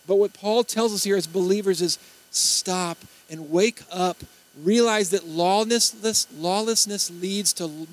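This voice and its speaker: High-voiced preacher telling stories. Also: male voice, rough recording. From Baton Rouge, Louisiana. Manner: animated storytelling, acts out quotes. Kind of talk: sermon.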